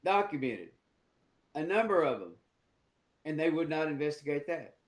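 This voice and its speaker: A man's voice: on the high side, very animated, normal speed. A man, co-hosting a political talk show, speaking plainly and firmly in short statements. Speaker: co-host.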